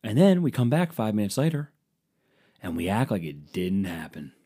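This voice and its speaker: A man's voice: on the low side, big pitch swings, moderate pace, warm tone, slightly rough. A man in his twenties hosting his own podcast, delivering a sarcastic, rambling comedic monologue into a desk microphone at home. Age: 20s. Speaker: podcast host.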